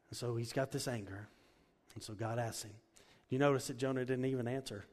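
A man's voice: mid-range voice, steady tone, brisk, a little mellow. A male pastor preaching a sermon in an earnest, conversational and emphatic manner, in a church hall. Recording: echoey hall.

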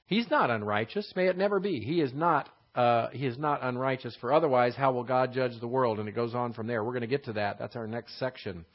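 A man teaching a verse-by-verse Bible lesson, explaining and rephrasing scripture in an unhurried classroom manner. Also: mid-range voice. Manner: explanatory, rephrasing verses, frequent fillers and restarts. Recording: slightly dull lo-fi recording.

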